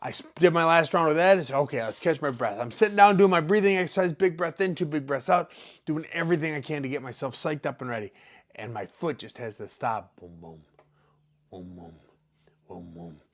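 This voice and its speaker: A man's voice: on the high side, fast talker. A professional fighter telling a casual story, acting out quotes and sound effects as he goes.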